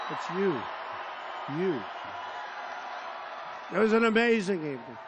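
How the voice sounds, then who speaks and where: A man in his seventies addresses a big rally crowd in a boastful, rambling way. His pitch sits high for a man, and he drives home points by repeating short phrases. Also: lively intonation, measured pace, pauses often, fairly bright tone, slight background noise. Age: 70s. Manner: boastful, rambling, punchy repetition. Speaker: president-elect at a rally. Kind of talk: campaign rally speech. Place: large indoor rally venue.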